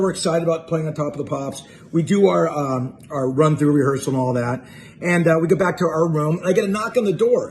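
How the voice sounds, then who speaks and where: A man with a notably high voice spins a casual anecdote about himself. He rambles and restarts, laughing at his own expense, in a loose monologue. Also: a little mellow, a little hiss or hum. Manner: rambling, self-mocking, full of fillers. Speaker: musician telling a tour story.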